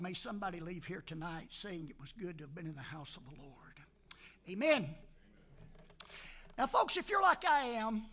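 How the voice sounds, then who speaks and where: A man's voice: high-pitched, sharp tone. An older man preaching a folksy sermon in a church, joking with the congregation and calling out amen between Scripture readings and prayer. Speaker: pastor. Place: church sanctuary.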